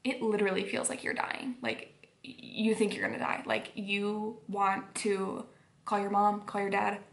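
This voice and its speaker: A woman's voice: mid-range voice, level tone, moderate pace, gravelly. A young woman vlogger telling a personal story at home at bedtime, rambling with lots of fillers. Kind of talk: casual storytelling vlog.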